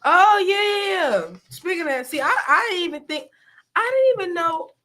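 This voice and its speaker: A woman's voice: extremely high pitch, expressive, normal speed, sharp tone. A young woman from North Carolina, co-hosting a casual podcast chat and joking in slang. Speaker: podcast co-host.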